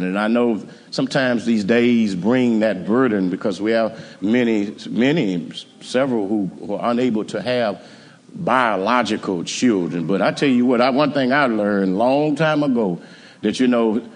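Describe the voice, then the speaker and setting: A man preaching a sermon in a church, rising to high, emphatic climaxes. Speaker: pastor. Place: church sanctuary. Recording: church hall reverb.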